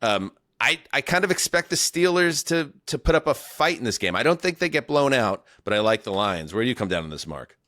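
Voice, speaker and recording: A man's voice: mid-range voice, very animated, a little fast, hardly any pauses, sharp tone, no echo. A man hosting a sports podcast, wry and meandering with jokey asides. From New York area. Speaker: podcast host. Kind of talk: casual podcast chat.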